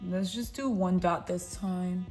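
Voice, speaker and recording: A woman's voice: fairly low pitch, fairly even intonation, a little slow, darkish tone, soft background music. A young woman chatting through her makeup tutorial, playful and encouraging as she talks to her viewers. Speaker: beauty vlogger. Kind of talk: casual makeup tutorial chat.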